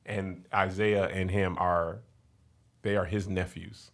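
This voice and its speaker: A man co-hosting a casual podcast chat, from El Paso, telling family stories with lively quoted voices. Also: low-pitched, slow pace. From El Paso, Texas. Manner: animated storyteller, slips into voices for quotes. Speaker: podcast co-host.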